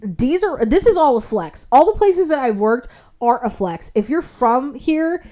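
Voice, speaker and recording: A young adult woman hosting a vlog, telling a story casually, swearing a lot and filling her speech with "like", her pitch jumping when she gets indignant. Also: a little slow. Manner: profanity-laden, heavy use of "like"; animated, indignant retelling with sudden jumps in pitch. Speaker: vlog host.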